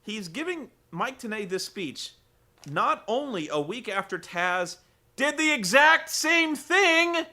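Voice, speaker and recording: A man with a high, bright voice recapping a show with sarcastic, profane asides. His delivery rambles and swings widely in pitch. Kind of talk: comedic wrestling recap.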